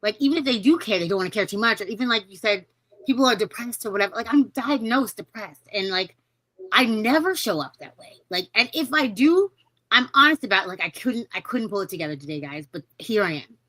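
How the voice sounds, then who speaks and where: A woman's voice: on the high side, expressive, fairly quick, fairly bright tone, low-quality recording. A woman in her thirties hosting a podcast, talking casually and effusively with many fillers. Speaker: podcast host. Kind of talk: supportive interview chat.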